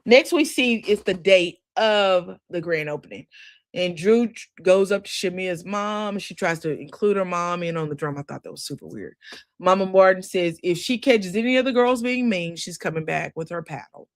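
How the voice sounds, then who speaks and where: A woman gives a loose, chatty recap of a reality show. Her voice sits in a middle pitch and jumps way up high when she wants to stress something. It sounds dry and close to the mic, with no room around it. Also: lively intonation, normal speed, dry recording. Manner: chatty, sassy asides, swoops up high for emphasis. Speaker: recap host.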